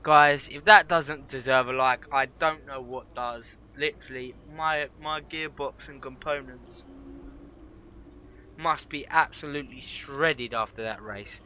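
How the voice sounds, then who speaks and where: A man giving excited, chatty commentary over a racing game, his voice hoarse from shouting. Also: medium pitch, unhurried, slight background noise. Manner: energetic, chatty, slangy. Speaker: gaming video creator.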